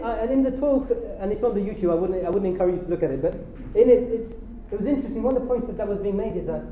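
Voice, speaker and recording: A man's voice: high voice, a little hiss or hum. A man giving a religious lecture, impassioned and rhetorical, asking his audience questions. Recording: roomy lo-fi lecture hall recording.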